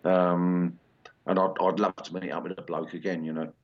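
Low-pitched and moderately paced, with little pitch movement, this English man in his sixties is a punk singer chatting casually in an interview. He rambles, full of ums and restarts, on a slightly dull lo-fi recording.

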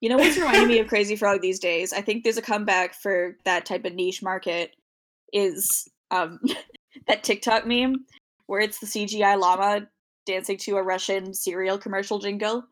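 A woman's voice: mid-range voice, normal speed, fairly bright tone. A woman in casual podcast chat, joking and imitating sounds.

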